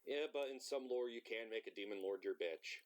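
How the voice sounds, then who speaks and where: A man's voice: lowish voice, brisk. A man acting as game master in an online tabletop game, talking casually and swearing freely.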